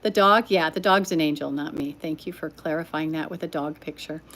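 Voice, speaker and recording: A woman's voice: low-pitched, a little fast, a bit bright. An older woman telling a story to her live-stream viewers in a chatty, teasing way, talking straight to them. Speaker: livestream storyteller.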